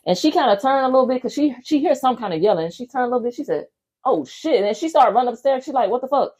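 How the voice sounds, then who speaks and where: A woman hosting a podcast, casually recapping a horror movie in a profane, animated storytelling way, acting out lines from the scenes. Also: high-pitched, racing, dull audio. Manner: profane, animated retelling with quoted voices. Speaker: podcast host.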